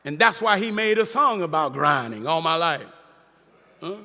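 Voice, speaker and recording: A man's voice: high voice, lively intonation, normal speed, pushed and bright. A middle-aged male minister delivering a sermon, preaching with passion and calling out to his congregation. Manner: impassioned preaching with call-and-response asides. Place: large hall before a congregation. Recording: reverberant hall with faint crowd.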